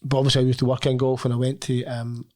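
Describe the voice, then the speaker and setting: Guy, middle-aged, rambling funny golf stories on a podcast, mid pitch. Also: completely flat delivery, fast talker, darkish tone. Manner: chatty anecdotal storyteller, jokey. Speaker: podcast co-host. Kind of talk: casual golf banter.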